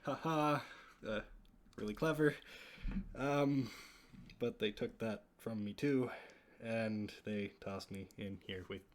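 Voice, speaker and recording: A man's voice: fairly low pitch, takes it slowly, long pauses. A man doing a wry, rambling adventurer. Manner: rambling, self-mocking.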